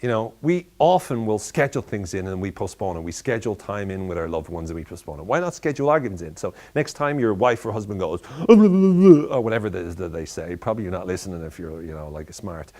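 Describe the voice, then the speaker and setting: A man giving tongue-in-cheek motivational advice in a playful, deadpan way, with animated shifts when he acts out asides. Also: fast, few pauses. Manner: animated, voices and pitch jumps in quoted asides. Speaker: self-development speaker.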